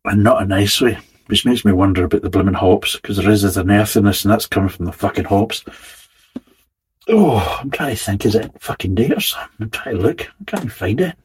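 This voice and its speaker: A man with a very husky, rough-edged voice sitting a little low in pitch. He talks through a casual beer review, blunt and full of swearing, with a wry, exasperated edge. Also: expressive, a little fast, rough recording.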